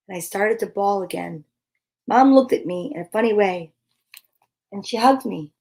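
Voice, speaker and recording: A woman's voice: medium pitch, normal speed, vocal fry, long pauses. A woman hosting storytime, reading a children's book aloud expressively. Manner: expressive, animated. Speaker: storytime host.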